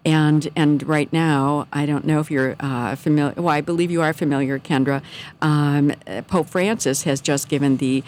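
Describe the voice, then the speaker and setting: A middle-aged woman telling a personal faith story in casual, earnest talk, animated when she quotes her own thoughts. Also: deep voice, normal speed, slight background noise.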